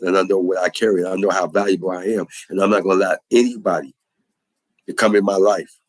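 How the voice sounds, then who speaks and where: A man's voice: low voice, fairly even intonation, fast, dry recording. A man giving an impassioned spoken testimony, preaching in an earnest, repetitive, emphatic cadence.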